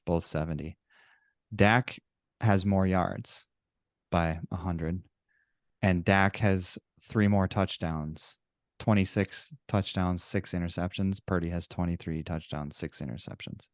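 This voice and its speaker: A man co-hosting a casual sports podcast, measured as he works through stats. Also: low-pitched, no room sound, clean studio sound. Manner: measured, reels off stats, laughs easily. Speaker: podcast co-host.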